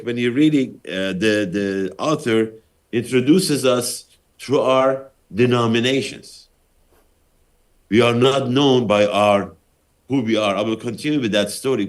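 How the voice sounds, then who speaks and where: A man hosting a TV program, talking straight to the viewers in a preachy way, posing rhetorical questions with emphatic rises. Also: mid-range voice. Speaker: TV program host. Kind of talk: talking to camera, commentary.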